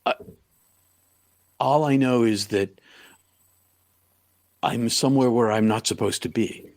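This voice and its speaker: A middle-aged man recounts a personal story in a halting way, full of stops and restarts. His voice sits at a medium pitch. It is recorded dry, with little room sound. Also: dry recording. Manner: halting, full of restarts, acts out quoted lines loudly. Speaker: podcast guest.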